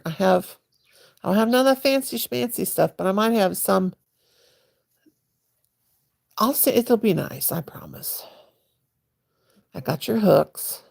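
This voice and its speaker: Lady rambling on a crochet livestream, real gravelly, kinda husky, folksy chat while she works. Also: fairly low pitch, darkish tone. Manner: rambling, folksy, chatty aside to viewers.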